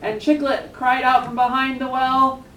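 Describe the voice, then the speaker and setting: A woman narrating a children's stage play, telling the story slowly and clearly while cueing the young performers. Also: high-pitched, level tone, a bit bright, a little hiss or hum. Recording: echoey stage from far off with music.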